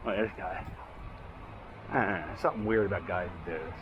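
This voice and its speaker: A man's voice: low voice, fairly quick, dull audio, noisy background. A man rambling and joking as he walks his dog outdoors through city streets, filming as he goes. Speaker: vlog host walking his dog. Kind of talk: casual walking commentary.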